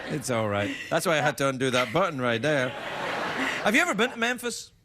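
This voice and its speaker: A playful man hosting a late-night talk show, his voice sitting a bit high and swinging animatedly as he teases. The broadcast recording carries a clear layer of noise behind him. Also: big pitch swings, a little fast. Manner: playful, teasing, jokey. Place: TV studio with audience.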